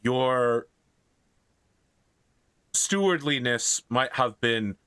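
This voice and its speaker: A man's voice: medium pitch, animated, drawn-out words, pushed and bright, clean tone, no echo, heavily acted. A man putting on an Irish priest. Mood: humble. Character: humble male Irish priest begging for alms.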